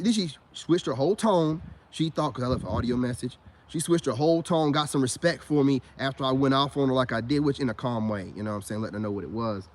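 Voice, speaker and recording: A man's voice: on the high side, expressive, fast talker, a little hiss or hum. A middle-aged man ranting in a profane, boastful monologue full of street slang. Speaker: online commentator.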